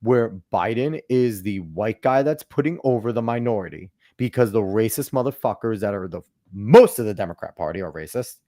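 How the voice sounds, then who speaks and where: Animated swearing male podcast host. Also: fairly low pitch, moderate pace, hardly any pauses, dry recording, clean studio sound. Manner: animated, profane, swinging loud and soft. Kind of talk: casual political chat.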